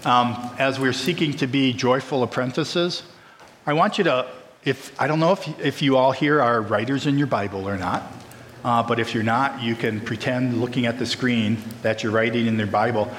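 A man's voice: mid-range voice, moderate pace, a bit bright, a little hiss or hum. Male pastor, mid-range voice, earnest and emphatic sermon delivery, reverberant church hall. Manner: earnest, emphatic, addresses the congregation directly. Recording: echoey hall, faint ambience.

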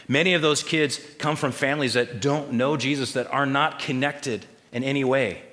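Male pastor, mid-pitched and bright, preaching with call-and-response in a big echoing sanctuary. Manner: call-and-response questions to the congregation. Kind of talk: sermon. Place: church sanctuary.

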